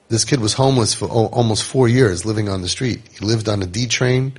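Husky-voiced man telling youth-home stories. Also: on the low side, fairly quick, few pauses. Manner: conversational, animated, acts out quotes. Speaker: founder of a home for troubled youth. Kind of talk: storytelling talk to parents.

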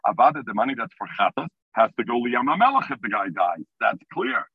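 A man's voice: mid-range voice, wildly swooping pitch, a little fast, vocal fry, breathy edge, dry recording. A man teaching a Talmud class over the phone from his car, explaining the text in English mixed with Hebrew and Aramaic terms. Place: in a car while driving. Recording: tinny phone line.

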